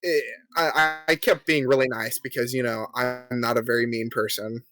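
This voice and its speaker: A man's voice: medium pitch, little pitch movement, normal speed, music in the background. A young man co-hosting a podcast, telling a story in casual chat with lots of ums and acting out the quoted lines. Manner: filler-heavy, polite, acts out quoted lines. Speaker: podcast co-host.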